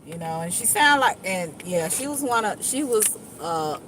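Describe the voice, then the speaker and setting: Woman vlogger, animated pitch, casual car chat over faint road hum. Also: normal speed, low-quality recording. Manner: chatty, animated, acts out other people's voices. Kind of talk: casual chat while driving. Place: inside a moving car.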